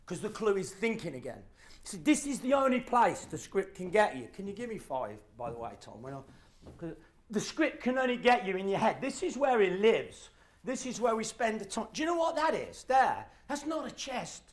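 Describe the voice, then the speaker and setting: A middle-aged man, giving a live motivational talk and telling stories with acted-out voices and shouts. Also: high-pitched, very animated, normal speed. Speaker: motivational speaker.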